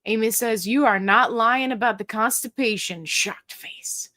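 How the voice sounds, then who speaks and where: A woman's voice: fairly high pitch, measured pace, pushed and bright. A middle-aged woman hosting a casual livestream, chatty and jokey as she reads viewer comments aloud. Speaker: livestream host.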